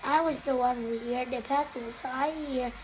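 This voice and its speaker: A woman reads aloud as a meek young boy sidekick in a storybook. He speaks hesitantly and apologetically, and the voice stays bright and high. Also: steady tone, normal speed, a little hiss or hum, lightly acted, poor audio.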